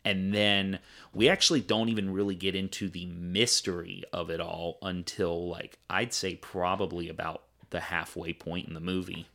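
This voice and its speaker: A man's voice: low voice, level tone, moderate pace, vocal fry, fairly bright tone. A man co-hosting a casual podcast chat, talking enthusiastically and rambling with fillers. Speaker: podcast co-host reviewing a film.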